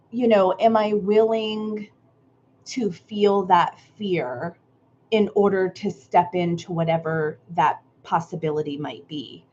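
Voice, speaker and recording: A woman's voice: medium pitch, darkish tone, dull audio. A woman hosting a live creative workshop stream, greeting viewers by name and musing reflectively on their comments.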